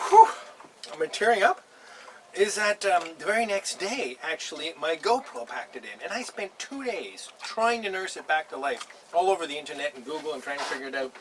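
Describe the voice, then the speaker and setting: A man's voice: fairly high pitch, far from the mic, background noise. Chatty older man, vlog host on a boat. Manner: chatty and easygoing, chuckling often. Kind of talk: casual beer-tasting vlog. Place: on a boat in a harbour.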